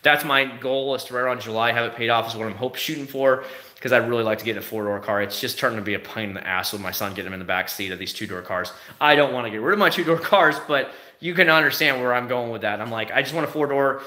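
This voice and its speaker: Car guy in his 30s rambling about his minivan, acts out quotes, bright voice, echoey room. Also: medium pitch, fast talker. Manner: animated storytelling with acted-out quotes. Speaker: car vlogger. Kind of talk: casual chat.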